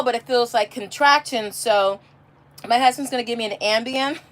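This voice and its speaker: A homeschooling mother from California chats casually on a livestream, answering a live chat through a phone or webcam. Her voice is fairly high and fairly bright at a moderate pace, and her rambling stories are full of restarts.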